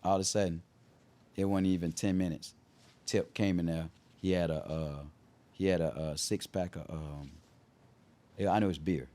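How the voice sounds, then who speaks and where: A man's voice: normal speed, pauses often. A middle-aged man, an R&B singer, telling stories casually in an interview and often imitating people's voices. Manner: animated storyteller who imitates people in high voices. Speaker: R&B singer guest.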